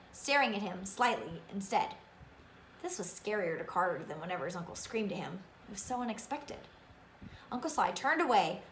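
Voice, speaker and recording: A woman reading a children's novel aloud in an expressive way, with asides to her listeners. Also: mid-range voice, reverberant, a little hiss or hum. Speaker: reader of a children's book.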